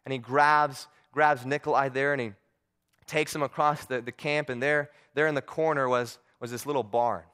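A male preacher tells a story from the pulpit in an earnest, halting way, often repeating his words. His voice is smooth and resonant, pitched in the middle range. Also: fairly even intonation, pushed and bright. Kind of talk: sermon storytelling.

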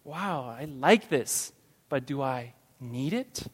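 A man preaching a sermon as a pastor, slow and emphatic, with sudden loud rises on key phrases. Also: mid-range voice, expressive, husky. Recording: long reverb of a large hall.

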